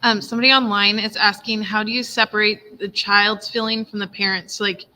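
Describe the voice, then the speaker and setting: Woman moderator reading questions, bright flat tone, heard from across the room. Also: mid-range voice, a little fast, low-quality recording. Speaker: moderator relaying online questions.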